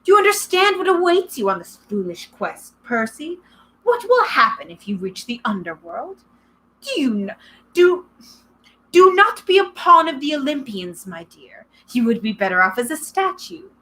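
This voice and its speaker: A woman reading aloud and voicing a monstrous gorgon who hides as a sweet old lady, speaking in a slow, hushed, soothing purr. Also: high voice, very animated, slight background noise, pitched above the performer's own voice.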